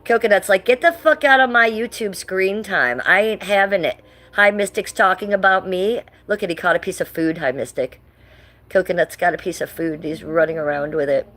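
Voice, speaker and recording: A woman's voice: low voice, slight background noise, low-quality recording. Chatty, blunt woman livestreaming at home. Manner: chatty and blunt, swears casually. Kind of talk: casual livestream chat. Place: living room at home. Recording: music playing clearly behind.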